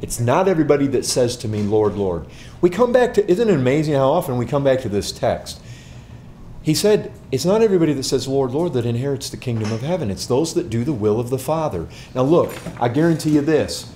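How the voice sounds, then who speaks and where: Male pastor, mid-pitched, emphatic teaching to a group, rhetorical questions, faint background noise. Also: big pitch swings, fairly quick, mellow. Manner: emphatic, repeats words, asks rhetorical questions. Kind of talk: answering a question before a group.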